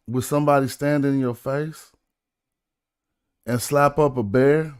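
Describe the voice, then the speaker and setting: A man's voice: medium pitch, steady tone, moderate pace, no room sound, studio quality. A man streaming casually, chatting. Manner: laid-back slang, breaks down rhymes syllable by syllable. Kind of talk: casual livestream chat about rap and study.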